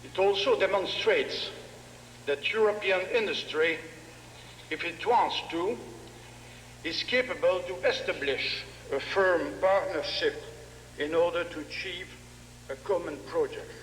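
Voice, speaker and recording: A man making a formal ceremonial speech in slow, measured phrases. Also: high voice, fairly bright tone, slight background noise. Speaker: official giving a ceremonial speech. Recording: echoey hall with long reverb.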